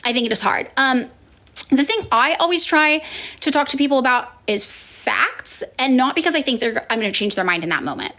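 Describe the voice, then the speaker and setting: Woman influencer, fairly high and very lively pitch, frank, profane, chatty viewer Q&A. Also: a little fast. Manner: frank and profane, acts out quoted people in sudden high voices; chatty with many fillers and sighs. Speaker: political influencer answering viewer questions. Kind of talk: casual chat.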